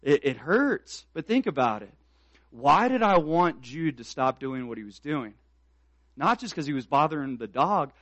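A man's voice: a little high, fairly bright tone, no echo. A man preaching a sermon as pastor, speaking earnestly and building to emphatic, repeated exhortations.

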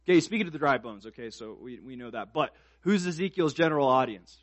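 Preaching to his congregation, this pastor swings from quiet, reflective lines up to loud, emphatic peaks, tossing in casual asides and fillers. His mid-range voice is expressive and quick, and the recording is dry.

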